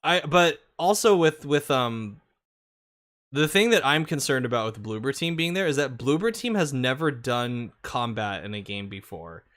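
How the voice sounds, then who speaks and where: Regular dude voice, strong takes on games, laughs a lot while chatting. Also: male voice, mid-range voice, expressive, normal speed, fairly bright tone. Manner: opinionated, laughs often. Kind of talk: casual chat.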